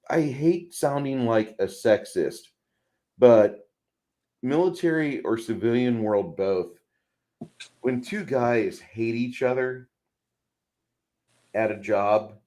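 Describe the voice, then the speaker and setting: A man's voice: fairly low pitch, slow pace, pauses often, darkish tone. A man co-hosting a casual movie podcast, rambling with frequent restarts and putting on voices for quotes. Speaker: podcast co-host; truck driver.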